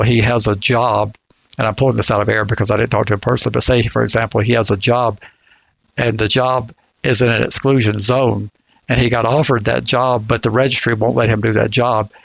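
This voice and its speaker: Gravelly Southern man, slow drawl. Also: medium pitch, no echo, poor audio. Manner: deliberate, halting, many restarts. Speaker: legal commentator. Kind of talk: casual podcast discussion.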